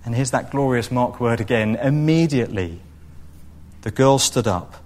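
Male preacher, expressive sermon delivery, middle-range voice. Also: medium pitch, moderate pace. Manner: expressive, acts out quoted voices.

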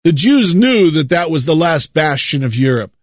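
A man from the United States delivers a preaching monologue in a fairly high voice, stretching his stressed words and repeating them to drive a point home. The sound is dry and close, with no room around it. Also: sing-song, no room sound. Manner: emphatic, drawn-out stresses, repeats words for effect.

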